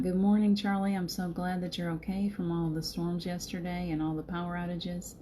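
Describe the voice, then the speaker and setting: A woman's voice: lowish voice, steady tone, a little fast, hardly any pauses, dark tone, slight background noise. A middle-aged woman with a slight Southern American accent, hosting a casual live stream, greeting viewers by name and laughing often. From Southern United States. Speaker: spiritual live-stream host.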